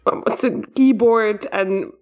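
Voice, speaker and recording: A woman's voice: mid-range voice, slow. A woman in a casual podcast chat, recapping a cartoon episode in a playful, teasing way.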